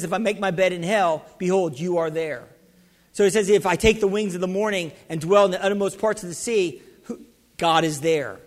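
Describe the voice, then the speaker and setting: A man with a very high voice preaches a fervent sermon, calling out questions to his congregation. His voice rings through a hall with long reverb.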